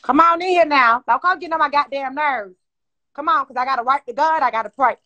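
A woman hosting a casual phone livestream, talking loudly and profanely in a rambling way. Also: high voice, fairly quick, lo-fi sound. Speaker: livestream host.

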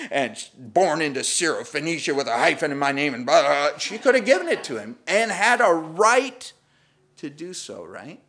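A man's voice: on the high side, big pitch swings, moderate pace, fairly bright tone. A male pastor preaching a sermon in a conversational way, acting out the people in the story.

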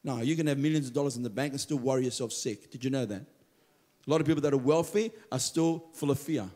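A man preaching a sermon as pastor, telling stories with lively quoted voices. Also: medium pitch, quick pace. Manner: animated storytelling, acts out quoted voices. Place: church.

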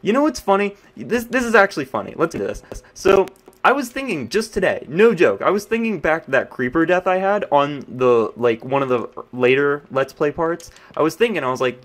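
A young man giving live gameplay commentary, frustrated and ranting, swinging between yelling and muttering. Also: on the high side, very animated, a little fast. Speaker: gaming YouTuber.

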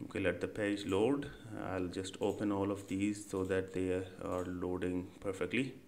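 A man's voice: deep voice, flat delivery, a little slow, a little mellow, a little hiss or hum. Chatty young man hosting a tutorial. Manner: conversational, with frequent fillers and "right?" check-ins. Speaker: education channel host. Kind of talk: casual screen-share tutorial.

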